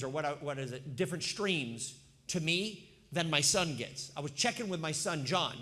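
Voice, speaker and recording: A man in his fifties, a pastor, preaching a sermon in a lively, conversational way and putting questions to the congregation. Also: fairly high pitch. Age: 50s.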